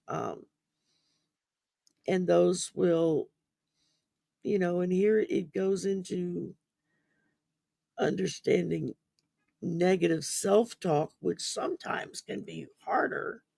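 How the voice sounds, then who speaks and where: Raspy higher-pitched man, slow and rambling. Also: steady tone, darkish tone, no room sound. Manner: rambling, hesitant, many ums and restarts. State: sleepy, yawning. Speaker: podcast host. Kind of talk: casual mental wellness discussion.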